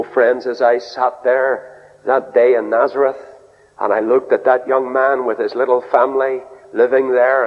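Earnest preacher man on old radio. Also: a little hiss or hum. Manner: earnest storytelling, drops low and soft for quoted words. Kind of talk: sermon. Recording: dull radio broadcast with long reverb.

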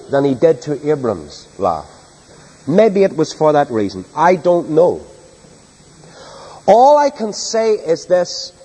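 Animated preacher in a reverberant hall. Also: male voice, on the high side, slightly rough. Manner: emphatic, dramatic reading of scripture. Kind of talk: evening sermon. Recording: long reverb of a large hall.

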